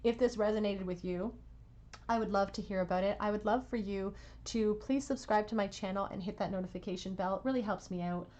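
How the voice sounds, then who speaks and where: A woman giving a pick-a-card tarot reading at home, soothing and reassuring, with soft laughs. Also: mid-range voice, brisk. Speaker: tarot reader.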